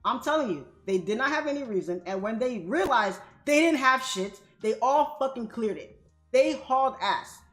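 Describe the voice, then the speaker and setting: A woman's voice: fairly high pitch, moderate pace, faint music behind. Indignant woman telling a story, echoey room. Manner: animated, indignant, profane. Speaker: livestream trading host. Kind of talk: casual storytelling to viewers.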